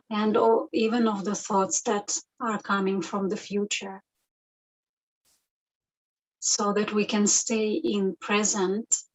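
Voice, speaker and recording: A woman introducing a guided meditation in a calm, halting, soft way. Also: medium pitch, rough recording.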